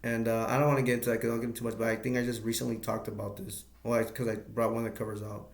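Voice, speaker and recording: Gravelly man rambling through a movie recap. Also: medium pitch, little pitch movement, reverberant. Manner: rambling, halting retelling with many restarts. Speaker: movie reviewer.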